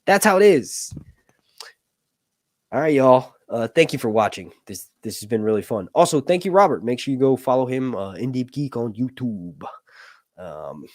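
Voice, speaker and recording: A man's voice: medium pitch, animated, moderate pace, a little mellow, dry recording, clean studio sound. A man hosting a casual livestream chat, rambling with lots of fillers and jokes. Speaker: host.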